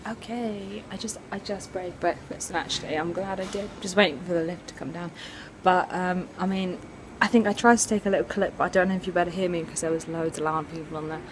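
A woman's voice: fairly low pitch, steady tone, a little fast, few pauses, noisy background. Chatty young woman vlogging. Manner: chatty, rambling, lots of fillers. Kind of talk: casual chat to camera.

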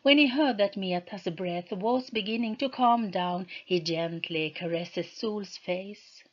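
A woman hosting her channel, reading a novel aloud in a slow, deliberate way. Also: medium pitch, muffled recording.

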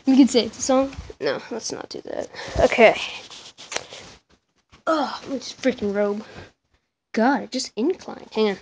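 A woman's voice: fairly high pitch, a little slow, long pauses, a little mellow, a little hiss or hum. A young woman vlogging out of boredom, rambling and muttering to herself before reading out her own raps. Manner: rambling, fidgety, muttering asides. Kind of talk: bored casual vlog with rapping.

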